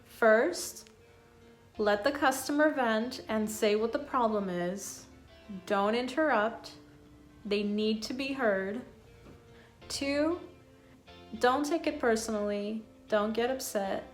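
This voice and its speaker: A woman teaching an online English lesson. She speaks slowly and calmly, modelling each phrase clearly. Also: on the high side, soft background music.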